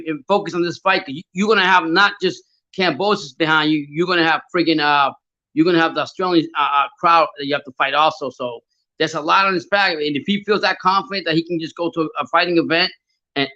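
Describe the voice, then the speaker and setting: A man hosts a live fight reaction, swearing freely and stammering as he answers his chat. His voice sits high and bright, with a tense edge. The stream audio sounds dull and lo-fi. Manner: frustrated, profane, stammering, answers chat comments.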